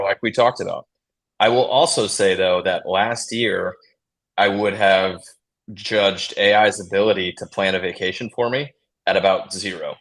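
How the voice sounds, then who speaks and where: A man, a realtor co-hosting a podcast, talking emphatically in relaxed slang. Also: low voice. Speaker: realtor co-host. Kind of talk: casual panel talk.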